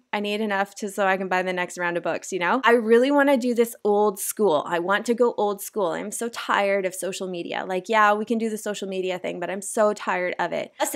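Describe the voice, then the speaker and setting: A woman's voice: medium pitch, a bit bright. A woman from Canada, probably in her thirties, rambling casually through a vlog with lots of fillers and self-deprecating asides. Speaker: author vlogger.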